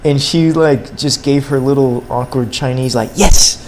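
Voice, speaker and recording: A man's voice: mid-range voice, fairly even intonation, normal speed, noisy background. A young man streaming a game and telling a long story in a rambling, slangy way, with many fillers and restarts. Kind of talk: casual livestream storytelling.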